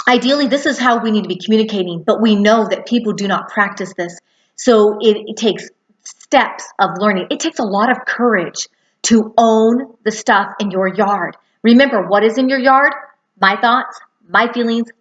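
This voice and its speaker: A woman's voice: fairly high pitch, normal speed, a bit bright, lo-fi sound. A woman in her thirties or forties teaching a lesson on boundaries, earnestly acting out quoted dialogue. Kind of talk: spoken lesson.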